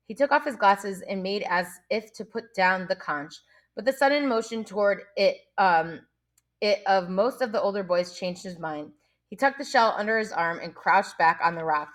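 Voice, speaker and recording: Woman reading a novel aloud, teacher, even pace, small slips, mid pitch. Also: moderate pace. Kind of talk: audiobook reading.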